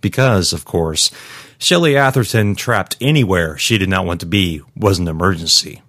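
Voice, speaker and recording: A man giving scripted narration of a story in a steady, measured way. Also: deep voice, no room sound, studio quality. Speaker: audiobook narrator.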